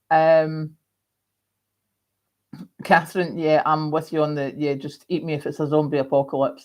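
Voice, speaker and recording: A woman's voice: lowish voice, warm tone. A woman hosting a casual live stream, chatting rambly and reading out viewer comments with lots of ums. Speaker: livestream host.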